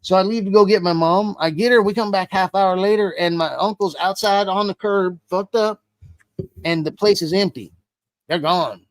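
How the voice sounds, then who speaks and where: Brief: male guest spinning a crude yarn, high tenor voice, dead-dry mic. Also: normal speed, no room sound. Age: adult. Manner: profane, swears constantly; animated storyteller acting out dialogue. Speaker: interview guest. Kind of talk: casual storytelling.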